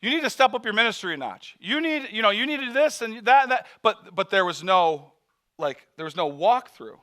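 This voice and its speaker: A man telling a mission story in a sermon, animated, acting out voices and laughing often. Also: high voice, moderate pace.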